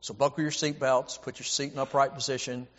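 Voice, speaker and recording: A man's voice: medium pitch, flat delivery, fairly quick, fairly bright tone, slight background noise. Emphatic man preaching in a reverberant hall. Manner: emphatic, repetitive, with frequent stammered restarts. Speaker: preacher and Bible teacher. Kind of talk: sermon. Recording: dull audio with long hall reverb.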